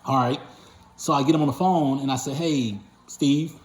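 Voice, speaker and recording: A man's voice: mid-range voice, fast talker. Rambling man in a roomy echo. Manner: rambling, with frequent fillers and self-corrections. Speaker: owner of a patient transport company, channel host. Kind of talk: casual storytelling to camera.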